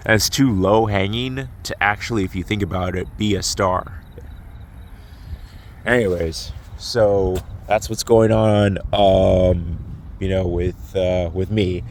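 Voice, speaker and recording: Outdoors on a phone, a drowsy vlogger with a stuffy nose wanders through a casual, profane monologue full of fillers and restarts. His low voice keeps fairly even intonation and a slow pace, with a little hiss or hum in the recording.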